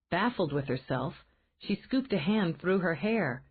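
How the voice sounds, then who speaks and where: A woman reading a romance novel aloud in measured scripted narration. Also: on the low side, expressive, husky. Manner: measured storytelling. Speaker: audiobook narrator. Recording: tinny phone-like band.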